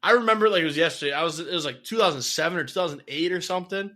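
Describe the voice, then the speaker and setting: Young male co-host, bright tone, animated casual storyteller who swears freely. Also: a little high, rapid-fire. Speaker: podcast co-host. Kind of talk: casual chat.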